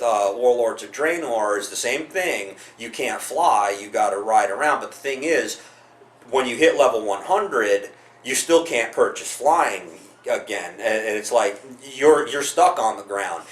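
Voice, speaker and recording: A man's voice: mid-range voice, moderate pace. Man, casual rambling talk, lots of cursing, echoey room. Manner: rambling with frequent restarts and profanity. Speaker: gaming video host.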